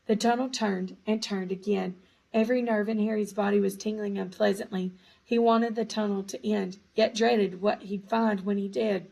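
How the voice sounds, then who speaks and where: A woman reading a storybook aloud in a hushed, suspenseful manner, now and then correcting small slips. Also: mid-range voice, creaky, poor audio. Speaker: audiobook reader. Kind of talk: storybook narration.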